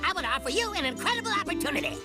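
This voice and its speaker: A man voicing a brash, scheming cartoon president with a pushy salesman's patter in an animated comedy clip. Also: very high-pitched, racing. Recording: clip played with music behind.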